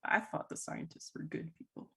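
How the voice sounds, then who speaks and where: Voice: moderate pace, sharp tone. A player in a casual tabletop game, talking loosely and counting dice rolls aloud.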